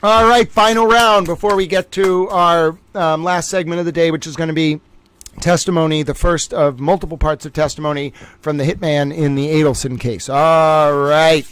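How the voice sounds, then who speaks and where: A man's voice: fairly high pitch, steady tone, moderate pace, a bit bright, clear, resonant tone, low-quality recording. A man hosting a casual livestream, playful and jokey, switching between chat and game-show style trivia announcing. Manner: playful, jokey, self-mocking. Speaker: livestream host.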